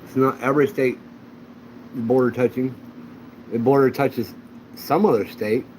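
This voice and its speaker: A man's voice: mid-range voice, fairly even intonation, measured pace, darkish tone, a little hiss or hum, low-quality recording. A man hosting a casual livestream chat, telling rambling anecdotes. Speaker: channel host.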